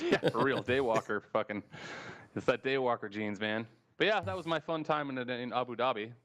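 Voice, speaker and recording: A man's voice: mid-range voice, moderate pace. A man with an American accent telling a travel story in casual, profane podcast chat and acting out the dialogue. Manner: animated, swearing, acts out dialogue.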